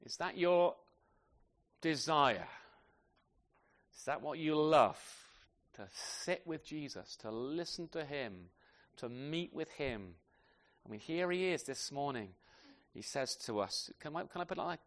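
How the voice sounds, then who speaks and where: A man preaching a sermon to a congregation with children, asking tag questions and swinging from loud emphasis to soft, quiet phrases. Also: on the high side, a little slow, pauses often. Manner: animated, asks tag questions often.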